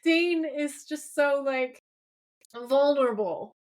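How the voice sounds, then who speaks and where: A woman's voice: high-pitched, slow pace. A young adult woman co-hosting a podcast, effusively retelling TV scenes by quoting the dialogue. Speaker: podcast co-host. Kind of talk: casual recap chat.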